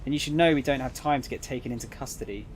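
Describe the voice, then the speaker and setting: A man's voice: mid-range voice, rapid-fire, a little hiss or hum, close to an everyday voice. A man voicing a snide embassy agent. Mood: cool. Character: cool, snide adult male embassy agent.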